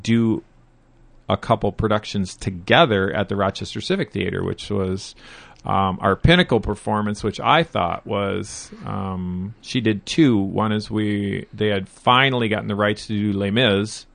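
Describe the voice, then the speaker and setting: A middle-aged man chatting as a guest, a playful, lively storyteller. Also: fairly low pitch, unhurried, creaky, dry recording. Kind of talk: casual interview chat.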